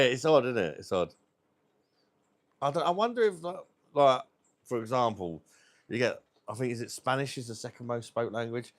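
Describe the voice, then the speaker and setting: A British man hosting a livestream, chatting casually and rambling, swearing freely. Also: medium pitch. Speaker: livestream host.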